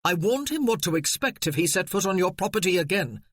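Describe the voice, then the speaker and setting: A steady military officer, voiced by an audiobook reader speaks calmly and firmly, reassuring without hurry. The voice stays close to the narrator's own and is recorded dry and close. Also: male voice, high-pitched, brisk, dry recording, full character voice. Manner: maddeningly calm, firm, reassuring. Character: steady male military officer, calm and protective.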